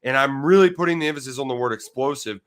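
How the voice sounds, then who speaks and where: A man with a middle-pitched voice banters about college football picks on a podcast. His tone is playful and jokey, and he often pokes fun at himself. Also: quick pace, a bit bright. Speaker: podcast co-host. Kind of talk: casual sports betting chat.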